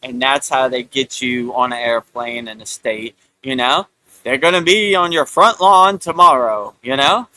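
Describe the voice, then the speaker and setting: Host, man, casual rambling monologue, bright close voice, dry sound. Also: medium pitch, a little slow, dry recording. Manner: rambling, repeats "you know", mocking put-on voices. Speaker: spiritual talk host. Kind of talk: casual live-stream monologue.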